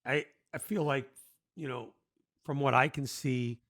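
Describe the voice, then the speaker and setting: A man hosting an interview, asking questions in a halting way with many restarts. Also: medium pitch, fairly even intonation, fairly bright tone. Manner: hesitant, halting phrasing with restarts. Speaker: podcast host.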